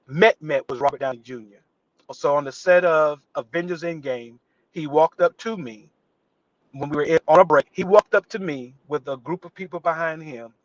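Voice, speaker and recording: A man's voice: on the high side, dry recording, highs cut off. A man, an actor guest on a live interview show, telling a story and acting out the voices of the people in it. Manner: animated, acts out quotes with voice shifts.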